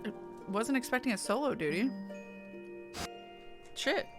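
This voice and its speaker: A woman streaming a video game, chatting casually with her viewers in an excitable way and swearing now and then. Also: fairly high pitch, a little slow, soft background music. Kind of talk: casual gaming stream commentary.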